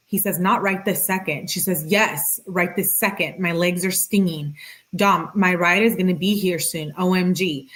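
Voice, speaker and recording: A woman's voice: lowish voice, fairly bright tone. A woman reading text messages aloud and reacting to them in a casual, slangy way with sarcastic asides. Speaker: true-crime commentator.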